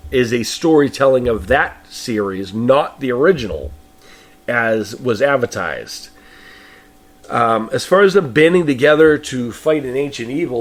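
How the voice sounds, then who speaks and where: Opinionated man. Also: mid-range voice. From Boston. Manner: opinionated, rambling, frequent restarts. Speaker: podcast host. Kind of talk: film review monologue.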